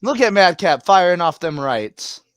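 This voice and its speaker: A man co-hosting a live wrestling watch-along, excitable and swearing freely. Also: high voice, measured pace, dry recording, studio quality. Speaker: podcast co-host.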